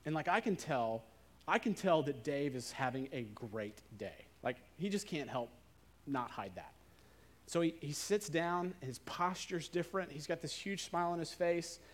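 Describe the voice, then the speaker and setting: A man preaching a sermon in a conversational way, slowing down and softening his voice to stress key words. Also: a little high, animated.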